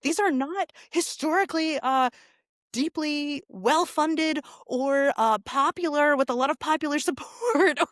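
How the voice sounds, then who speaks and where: Woman rabbi as a guest: animated and wry, full of asides, higher pitch, dry recording. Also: unhurried, dry recording. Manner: animated, sarcastic, many asides and fillers. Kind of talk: casual conversational interview.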